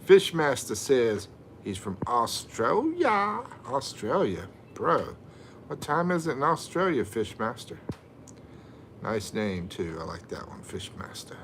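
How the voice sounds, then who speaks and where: A man's voice: mid-range voice, sing-song, slow, a bit bright, a little hiss or hum. A middle-aged man, chatting casually on a livestream and reading viewer comments aloud with jokes. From USA. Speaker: livestream host.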